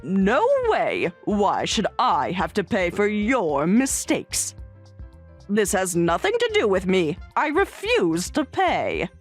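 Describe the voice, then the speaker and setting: A woman's voice: medium pitch, very animated, takes it slowly, soft background music. A woman voicing an entitled middle-aged mother who speaks in an indignant, insistent way, in a voiced story drama.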